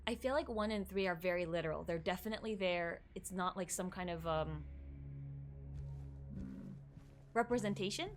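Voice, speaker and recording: A woman's voice: fairly low pitch, big pitch swings, normal speed, pauses often, faint music behind. A young woman streaming a horror game, chatting casually and thinking aloud, easily spooked. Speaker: gaming streamer. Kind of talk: casual live-stream commentary.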